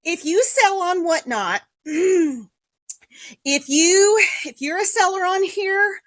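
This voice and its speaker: High-voiced woman with a drawl, unhurried. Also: no echo. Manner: mock-calm sarcastic, sighing and throat-clearing. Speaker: livestream seller and host. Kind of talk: casual livestream chat. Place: home basement room.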